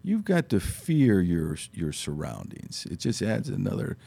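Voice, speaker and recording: A man in his fifties from Ohio, a studio guest telling animated stories on a talk show and acting out the voices he quotes. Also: low-pitched, a little slow, gravelly, husky. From Ohio, USA. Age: 50s. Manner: animated storyteller who acts out quoted voices. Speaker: studio guest, former football player. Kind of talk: casual talk show storytelling. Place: radio studio.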